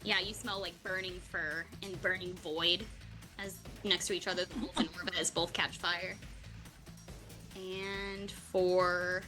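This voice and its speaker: A woman narrating as game master of a tabletop game, upbeat, with quick asides and frequent laughs. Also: fairly low pitch, flat delivery, pushed and bright, soft background music.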